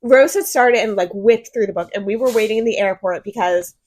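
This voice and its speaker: A woman co-hosts a book podcast, chatting casually and spinning rambling anecdotes. Her voice is medium in pitch, a little mellow, and fairly quick.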